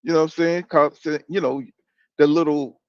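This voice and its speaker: With a voice on the high side, steady in tone and moderate in pace, a man rambles through a profane boxing rant as a commentator. Filler like "you know what I'm saying" keeps coming back, and the lo-fi audio has no echo.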